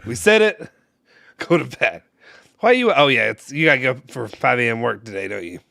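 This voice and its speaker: A man's voice: medium pitch, expressive, a little fast, gravelly, bright, forceful tone, no echo, studio quality. A young man co-hosting a fan live stream, joking and teasing with a laugh in casual chat. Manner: playful, laughs often, teasing.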